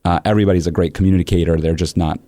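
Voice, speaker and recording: Male podcast host and coach; low voice, dry close sound, animated storyteller. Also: rapid-fire, no room sound. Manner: animated storytelling with acted-out quotes. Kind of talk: conversational interview.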